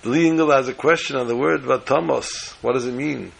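Rabbi delivering a folksy, emphatic sermon story; husky, raspy tone. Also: male voice, medium pitch, brisk.

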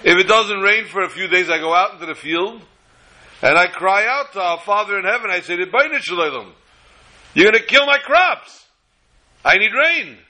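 A man's voice: sits high, brisk, pushed and bright, voice pushed up, low-quality recording. A man voicing a simple, anguished farmer from a village who cries out in pleading, tearful appeals.

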